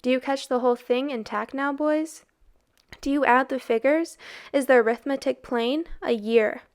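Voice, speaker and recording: A woman reading aloud gives a mysterious older man who strikes a bargain a slow, solemn, coaxing delivery. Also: fairly high pitch, clean tone.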